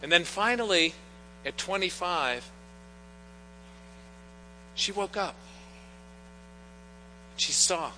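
Bright-voiced man preaching in a reverberant church. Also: high voice, expressive, very slow, long pauses. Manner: earnest, storytelling with personal anecdotes. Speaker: pastor. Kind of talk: sermon. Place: church sanctuary. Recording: long church reverb, faint mains hum.

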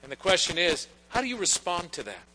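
A man's voice: high-pitched, very animated, pushed and bright, rough recording. A male pastor delivering a conversational sermon, slipping quoted lines into his talk. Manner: conversational preaching, quoting figures in quick asides.

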